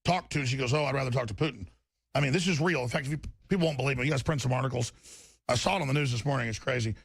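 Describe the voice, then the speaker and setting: A middle-aged male talk radio host from Texas holds forth in a heated, rambling monologue, his voice swinging up and down as he restarts his sentences. He has a heavily gravelly, fried tone with a husky edge. The studio mic sounds close and dry. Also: mid-range voice, very fast, dry recording. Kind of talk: impassioned political talk monologue.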